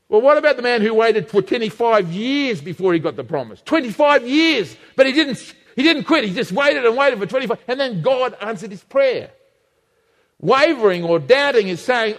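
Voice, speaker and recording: Guy preaching, pretty high voice, keeps repeating stuff for punch, big hall reverb. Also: expressive, a little fast, a bit bright. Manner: emphatic, repeats phrases for effect. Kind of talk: sermon.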